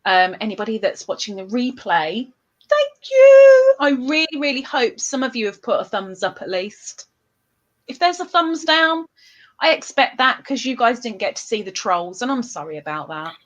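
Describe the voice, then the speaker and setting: A woman's voice: fairly high pitch, animated, normal speed, fairly bright tone. A woman hosting a casual livestream chat, giggly and chatty, often laughing. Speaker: livestream host.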